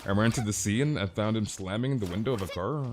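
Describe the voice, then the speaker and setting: Laid-back young man streaming games, low voice. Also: a little fast, a little hiss or hum. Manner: rambling, calls everyone "dude", amused exclamations. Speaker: game streamer. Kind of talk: casual live-stream chat.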